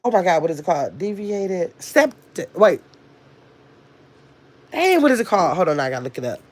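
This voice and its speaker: A woman's voice: lowish voice, big pitch swings, a little fast, a little mellow. A woman with a nasal voice, chatting to her livestream audience in a rambling, casual way. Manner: rambling, chatty storytelling with restarts. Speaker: live streamer.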